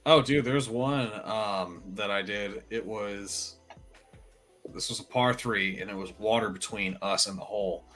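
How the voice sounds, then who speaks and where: A man telling animated stories in a relaxed group chat, swearing freely and laughing as he goes. His voice is bright and forward, and faint music plays behind him. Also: fairly low pitch, unhurried. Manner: animated storyteller, profane, laughing. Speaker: show regular. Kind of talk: casual chat.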